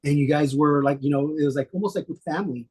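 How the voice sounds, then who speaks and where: Husky-voiced man telling stories. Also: on the high side, quick pace. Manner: relaxed, rambling, many fillers. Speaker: guest. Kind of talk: casual storytelling interview.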